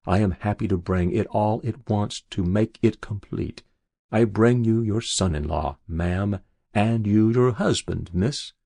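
A man's voice: fairly low pitch, a little slow, vocal fry, mellow, dry recording. Man voicing a snarling old miser uncle. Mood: sarcastic. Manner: scornful, snarling. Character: bitter raging old miser uncle, male. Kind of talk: audiobook character voice.

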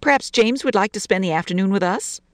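Lady voicing a chirpy eager housewife, lively sing-song voice, dry close mic. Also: mid-range voice, fast talker, no room sound, pitched above the performer's own voice, natural voice. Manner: bright, eager. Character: chatty friendly suburban housewife.

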